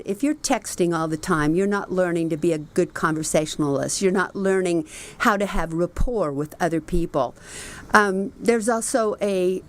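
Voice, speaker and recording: A middle-aged woman hosting a book review show, talking casually and telling stories, and quoting people in lively put-on voices. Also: mid-range voice. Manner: chatty storytelling, animated quoting of others.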